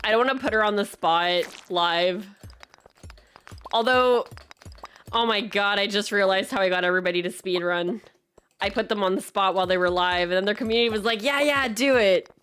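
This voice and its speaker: A woman's voice: mid-range voice, steady tone, brisk, fairly bright tone, soft background music. A woman from Canada chatting casually and laughing often while she streams a speedrun attempt. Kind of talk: casual live-stream chat while gaming.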